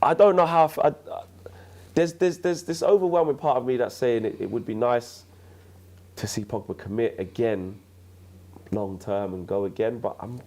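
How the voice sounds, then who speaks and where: A man hosting a casual football chat, relaxed and thinking aloud with frequent restarts. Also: mid-range voice, normal speed. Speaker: host.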